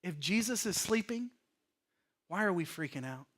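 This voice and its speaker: Male pastor, church sermon, lively delivery with dramatic loud-soft swings, high bright tone. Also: moderate pace. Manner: animated, acts out panicked inner voices, swings loud and soft. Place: church sanctuary.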